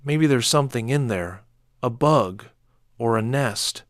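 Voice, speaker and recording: A man voicing a calm adult male hospital doctor in a horror story reading, with plain, calm advice. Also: mid-range voice, a little slow, no room sound, clean studio sound, natural voice.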